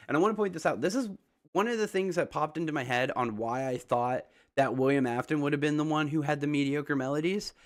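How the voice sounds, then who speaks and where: A young man streaming a reaction, theorizing in casual rambling commentary full of restarts and rhetorical questions. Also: mid-range voice.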